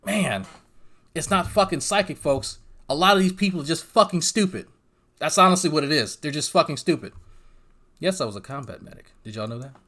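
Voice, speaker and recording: Brief: mocking, profane male commentator, lively swooping delivery. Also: fairly high pitch, brisk. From New Jersey. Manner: sarcastic, crude, mocking. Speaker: commentary YouTuber.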